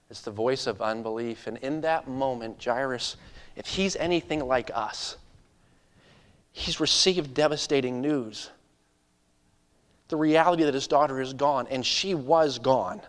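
A man preaching a sermon who drops to a hush and then rises to loud, urgent passages, often repeating words when he gets going. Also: a little high. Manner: swings from hushed to loud and urgent, acts out voices. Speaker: pastor.

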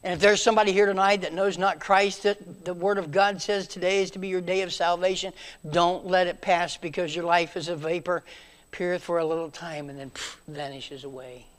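A man preaching a sermon in a church, moving between loud emphatic calls and hushed, quiet passages. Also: sits high, level tone, a little fast, clean tone.

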